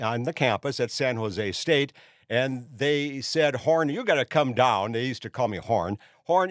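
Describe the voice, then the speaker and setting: A man's voice: mid-range voice, fairly bright tone, no room sound, studio quality. Older man rambling through a story. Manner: rambling anecdotal with frequent "you see" fillers. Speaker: host. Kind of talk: casual storytelling monologue.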